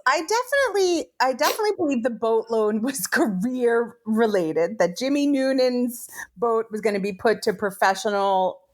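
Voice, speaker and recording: Rambling chatty woman, fairly high voice. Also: lively intonation, normal speed, few pauses. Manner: rambling, heavy use of "like". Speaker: podcast co-host. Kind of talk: casual film chat. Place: Philadelphia.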